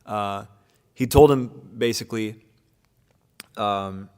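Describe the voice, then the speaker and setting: A man's voice: lowish voice, slow pace, darkish tone, clean tone, big-room sound. A man teaching an informal scripture class to a group, talking casually with many fillers and restarts. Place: room with devotees present.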